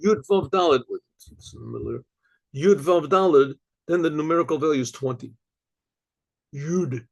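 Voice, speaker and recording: An older rabbi teaching a class in a husky, slightly raised voice. His talk is loose and digressive, circling back with repeated phrases and frequent "okay, so", broken up by throat-clearing. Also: a little high, moderate pace. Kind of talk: informal Torah lecture.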